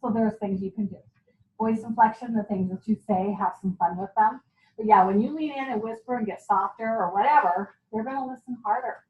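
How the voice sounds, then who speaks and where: A woman giving a lively, chatty sales training talk to a group, laughing often and acting out what customers say. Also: mid-range voice, fairly quick. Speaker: guest speaker. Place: meeting room. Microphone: far from the mic. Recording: echoey, dull, distant room recording.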